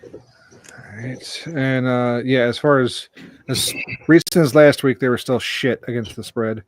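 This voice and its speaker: A woman's voice: extremely low pitch, steady tone, no echo, studio quality. A woman hosting a casual sports betting podcast, reading out odds and listener picks. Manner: casual, brisk, reads out odds and listener chat. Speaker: podcast host.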